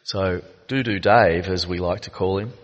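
A man with a low, deep voice tells his story at a recovery meeting, pausing often on fillers as he reflects. His words ring out with a long echo in a meeting hall. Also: dull audio. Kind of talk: personal share at a recovery meeting.

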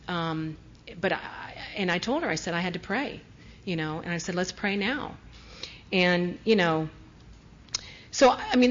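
A woman telling her own recovery story in an earnest, confessional way, often dropping soft as she recalls tender moments. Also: mid-range voice, highs cut off. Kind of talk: personal testimony.

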